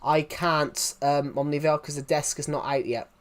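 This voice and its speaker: Fairly high in pitch, level in tone and clean-sounding, a man speaks at a moderate pace with a Southwest English accent. Casually streaming live from England, he rambles, keeps restarting, and answers what viewers write.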